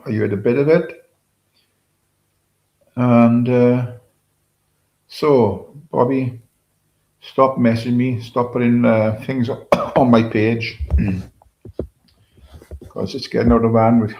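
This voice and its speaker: A man's voice: on the low side, gravelly, a little mellow. A British man hosting a casual live stream, greeting viewers by name and rambling with many fillers. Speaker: livestream host. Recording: roomy echo.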